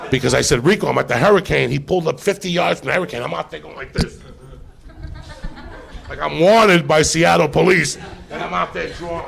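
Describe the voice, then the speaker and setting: A man's voice: a little high, gravelly. A man hosting a live podcast, telling a profane comic story with lots of swearing and laughter. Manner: animated, swearing, laughing as he tells. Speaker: podcast host.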